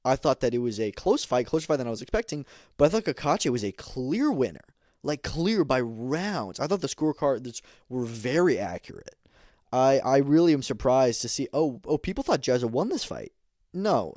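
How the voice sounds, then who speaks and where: Man, podcast host, quick emphatic delivery, dry close sound. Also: medium pitch, lively intonation, darkish tone, no room sound. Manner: opinionated, emphatic, many fillers. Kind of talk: casual combat sports commentary.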